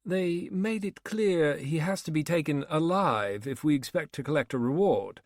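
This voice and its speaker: A man puts on a fussy, talkative rich man for a crime audiobook, pitched well above his own voice. He speaks precisely and stretches his words. The recording is close and dry. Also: animated, moderate pace, dry recording, close to an everyday voice. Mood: eager.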